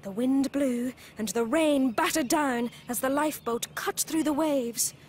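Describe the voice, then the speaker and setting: Brief: British woman, children's TV presenter, high and animated storytelling voice with faint background noise. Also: unhurried. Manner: expressive, playful storytelling.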